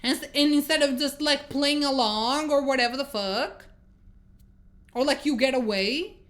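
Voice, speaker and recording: In a high-pitched voice at a moderate pace, a woman gives an informal film review. Frustrated, she swears while animatedly retelling what happened on screen.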